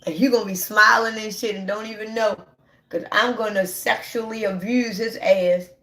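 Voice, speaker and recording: A woman's voice: medium pitch, fairly even intonation, moderate pace, bright, forceful tone, echoey room. A woman hosting a casual livestream, talking straight to her viewers in a brash, profane and repetitive way, laughing often. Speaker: livestream host.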